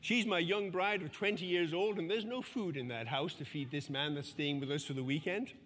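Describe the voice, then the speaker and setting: A man's voice: fairly high pitch, normal speed, fairly bright tone, a little hiss or hum. A man in his fifties preaching a sermon, telling stories with self-deprecating humor. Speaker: pastor. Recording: long church-hall reverb.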